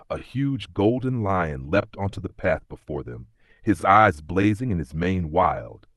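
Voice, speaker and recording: Deep-voiced guy reading a fairy tale, lively ups and downs, dry close mic. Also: dry recording. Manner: calm, storybook telling. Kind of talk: scripted narration.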